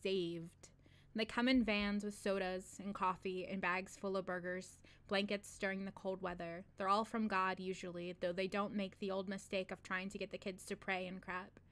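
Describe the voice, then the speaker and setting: A woman's voice: mid-range voice, flat delivery, normal speed, few pauses, a bit bright. A woman reads a short story aloud for a read-along, settling into the loose, street-wise drawl of its first-person narrator. Her voice sits mid-range, and she breaks off now and then for casual asides, laughing and swearing. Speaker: host reading a short story collection aloud.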